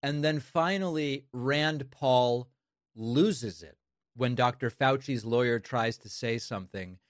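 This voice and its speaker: A man delivers biting political commentary in a dry, close recording. His tone is scornful and sarcastic, with quick asides. He sounds fed up. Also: medium pitch, no room sound. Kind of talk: opinionated commentary.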